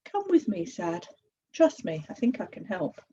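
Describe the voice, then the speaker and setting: Hope is a kind, curious stranger in a storybook who gently questions others, voiced by a woman reading aloud. Her voice is low and mellow, heard on a slightly dull, lo-fi recording. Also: very animated, unhurried, slight background noise. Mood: gentle. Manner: gentle, probing.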